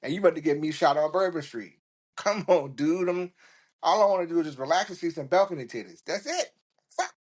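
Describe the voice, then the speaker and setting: A man hosting a podcast, telling a story in an animated, profane way and laughing along as he goes. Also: a little high. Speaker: podcast host. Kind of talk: casual storytelling.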